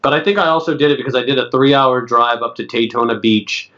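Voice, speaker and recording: A man's voice: medium pitch, fairly even intonation, quick pace, pushed and bright. Chatty late-thirties man, lo-fi podcast. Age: late 30s. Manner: chatty storyteller, acts out other people's lines. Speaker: podcast co-host. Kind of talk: casual podcast chat. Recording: dull lo-fi sound.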